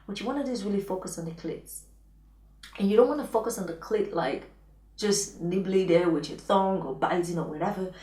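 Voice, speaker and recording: A woman's voice: mid-range voice, brisk, dark tone. A woman giving frank, playful intimacy advice as a coach, often dropping into a whisper. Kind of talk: advice vlog talking to camera. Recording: echoey room, voice distant from mic.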